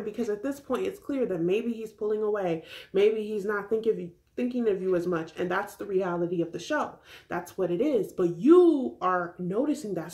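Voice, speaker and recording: A young woman talks through a reality show recap in a loose, chatty way. She is animated and keeps a middle pitch. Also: normal speed. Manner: chatty, animated, slips into quoted voices. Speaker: recap vlogger.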